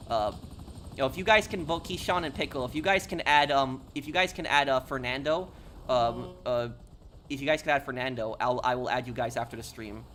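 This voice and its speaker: A man's voice: mid-range voice, a bit bright, slight background noise. A man streaming a game live, chatting casually with viewers and answering their messages, often stopping and repeating words. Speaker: gaming streamer.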